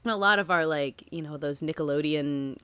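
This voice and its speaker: A woman from Massachusetts co-hosting a podcast, chatting in a lively way, laughing often and saying "like" a lot. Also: sits low, brisk, clean tone, no room sound. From Massachusetts, USA. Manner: animated, laughing, lots of "like". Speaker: podcast co-host. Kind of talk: casual chat.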